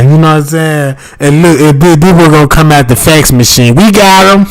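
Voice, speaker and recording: A man, talking loosely into his livestream in a somewhat high voice. He rambles, swears freely and keeps checking that his listeners follow him. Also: brisk, hardly any pauses. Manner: loose, profane, keeps asking "you know what I'm talking about". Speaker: livestream host. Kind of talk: casual livestream commentary.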